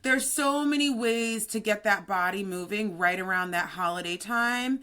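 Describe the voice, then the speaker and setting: A woman in her thirties co-hosts a fitness podcast. She talks in a loose, upbeat, chatty way with a bit of sass, and her voice sits at an ordinary middle pitch. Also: moderate pace, bright, forceful tone, clear, resonant tone. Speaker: podcast co-host and fitness coach. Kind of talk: casual podcast chat.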